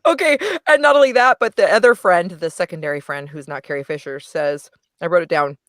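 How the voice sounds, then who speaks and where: A woman's voice: fairly low pitch, brisk, dry recording, studio quality. Frank, laughing woman podcast guest. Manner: frank, animated, laughs often. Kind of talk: casual movie review chat.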